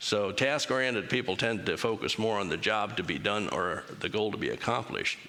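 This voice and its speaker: A man's voice: fairly low pitch, normal speed, bright, forceful tone, slight background noise. A man giving an interactive church talk, casual and joking, asking the congregation to raise hands. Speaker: church speaker. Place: chapel. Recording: long chapel reverb.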